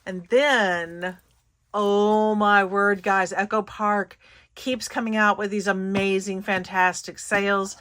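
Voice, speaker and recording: A woman's voice: mid-range voice, level tone, slow pace, a bit bright. A woman hosting her craft channel, chatting casually and giggling through a paper haul with lots of fillers. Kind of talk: casual haul video chat.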